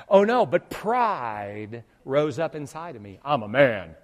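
Animated preacher man in a reverberant hall. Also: high voice, moderate pace. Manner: animated, swinging from loud exclamations to quiet asides. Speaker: pastor. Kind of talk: storytelling sermon.

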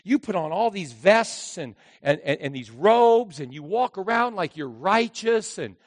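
A man preaching a sermon with passion, swinging from loud outbursts to hushed asides. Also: high voice, sing-song, a little slow, few pauses, no room sound, studio quality. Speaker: pastor. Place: church.

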